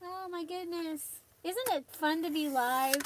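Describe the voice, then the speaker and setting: A woman's voice: extremely high pitch, takes it slowly, noisy background. A woman hosting a casual live stream from her craft desk, chatting with viewers, greeting them by name and laughing often. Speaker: livestream host.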